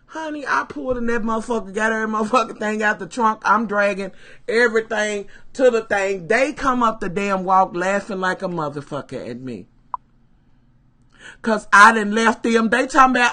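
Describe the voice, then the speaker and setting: A woman telling a story to her live stream viewers, animated and full of profanity, calling them "y'all". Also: medium pitch, moderate pace. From Kentucky, USA.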